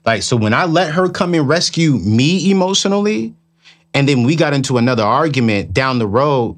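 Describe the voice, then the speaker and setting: A man's voice: on the high side, very animated, normal speed. A middle-aged man co-hosting a casual chat, speaking emphatically and repeating phrases for effect.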